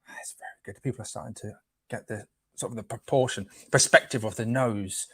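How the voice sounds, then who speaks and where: Casting: man as a playful live stream host, mid-pitched, dry close sound, easygoing chat. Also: expressive, normal speed, no echo. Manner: playful, chatty, trips over names while reading.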